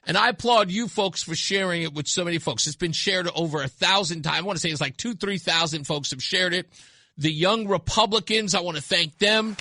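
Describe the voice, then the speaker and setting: A talk radio host with a high, sharp voice delivers an opinionated monologue fairly quickly into a studio mic, with no room sound. He speaks bluntly and emphatically, repeating his points for effect.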